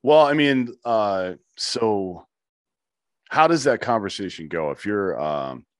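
A man from the United States speaks as a guest in an interview, blunt and emphatic, with casual swearing. His voice is very low. The recording is dry and close. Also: lively intonation, slow pace, no room sound. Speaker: podcast guest. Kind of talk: conversational interview.

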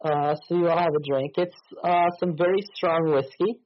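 A man's voice: fairly high pitch, steady tone, moderate pace, no room sound, lo-fi sound. A man running a tabletop mystery game as game master, narrating with many ums and uhs.

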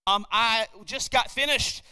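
A high-pitched man preaching from the pulpit. His tone is bright and forceful. He surges loud on key words and sinks to a hush between them, and a long hall reverb trails every phrase. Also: measured pace, creaky, clean tone. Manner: preaching with sudden swells and drops in volume. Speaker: pastor. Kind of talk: sermon.

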